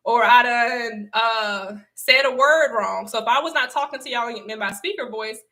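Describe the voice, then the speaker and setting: A woman's voice: fairly high pitch, moderate pace, sharp tone. A young adult woman hosting a casual livestream, talking to her viewers with emphatic repetition and frequent laughs. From Southern United States. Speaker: livestream host and speaker.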